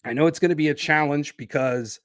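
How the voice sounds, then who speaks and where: A man hosting his own podcast, talking casually while standing and moving around, with an energetic, promo-style delivery. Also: on the high side, a little fast, no room sound, studio quality. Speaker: podcast host.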